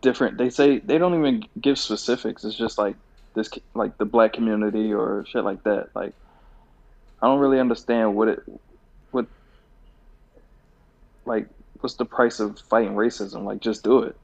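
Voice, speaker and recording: A man's voice: lowish voice, steady tone, normal speed, vocal fry, pauses often. Laid-back man co-hosting a podcast. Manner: laid-back, rambling, swears freely. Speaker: podcast co-host. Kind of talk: casual chat. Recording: dull lo-fi sound.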